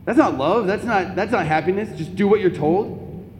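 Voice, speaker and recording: A young man giving a Catholic talk to an audience, telling comic personal stories in an animated, joking way. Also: sits high, moderate pace, slight background noise. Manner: animated, comic storytelling with laughs. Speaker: Catholic speaker. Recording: echoey hall, faint ambience.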